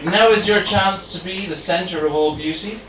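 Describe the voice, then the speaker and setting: A man hosting an open mic, reading a poem aloud and introducing the first act in a gently amused way. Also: high voice, moderate pace. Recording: echoey room from far off, noisy.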